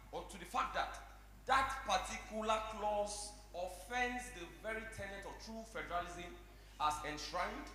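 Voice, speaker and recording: A Nigerian man delivers formal, declamatory parliamentary oratory, stacking grand phrases. His bright, slightly high voice is drenched in heavy echo and long reverb, with a faint hum underneath. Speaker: member proposing an amendment. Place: large assembly chamber. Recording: very echoey hall, faint hum.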